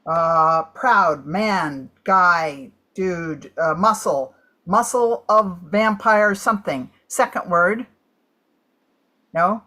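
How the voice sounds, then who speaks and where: A woman playing a guessing game, calling out guesses in halting bursts with many fillers. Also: lowish voice, bright, forceful tone. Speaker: game player.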